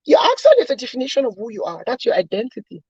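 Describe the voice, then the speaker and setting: A woman with a fairly high, husky voice, co-hosting a casual talk show. She argues earnestly and presses her points with questions. The sound is dry and a bit dull. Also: wildly swooping pitch, racing, a little mellow, dry recording. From Cameroon. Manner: earnest, emphatic, building arguments with questions. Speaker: co-host. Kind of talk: casual chat.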